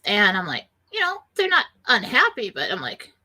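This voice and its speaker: Bright-voiced woman radio host. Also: medium pitch, huge pitch swings, moderate pace. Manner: earnest, rambling, quotes panicked voices. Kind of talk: spiritual self-help talk.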